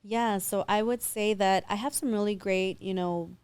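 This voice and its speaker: A woman's voice: mid-range voice, steady tone, normal speed, darkish tone, smooth, no echo. A woman in her thirties from San Diego, a guest explaining her work in a confident, fluent way. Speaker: guest, loan officer. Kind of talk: casual interview.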